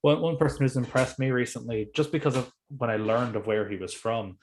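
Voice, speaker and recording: A young man co-hosting a film podcast, telling stories in a lively, swearing, casual way. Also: medium pitch, fairly quick. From Ireland. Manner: animated, swears freely, tells stories. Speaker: podcast co-host.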